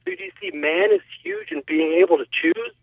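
High gravelly male caller on a phone line. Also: a little fast, dry recording. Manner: earnest, explanatory. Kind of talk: radio call-in talk.

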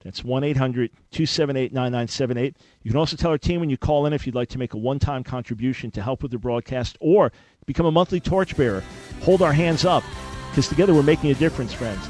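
A man's voice: mid-range voice, quick pace, a little mellow, soft background music. A man hosting a radio talk show, speaking conversationally with sudden bursts of emphasis.

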